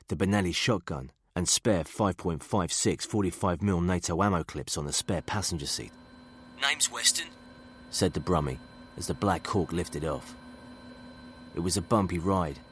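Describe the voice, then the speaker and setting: A man reading a thriller audiobook in a steady, measured narration. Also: deep voice. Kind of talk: scripted narration.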